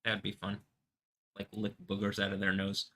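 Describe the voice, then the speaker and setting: A man's voice: on the low side, completely flat delivery, moderate pace, fairly bright tone. A man hosting his own livestream, rambling casually and laughing at his own jokes. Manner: rambling, self-amused, frequent giggling asides. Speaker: livestream host.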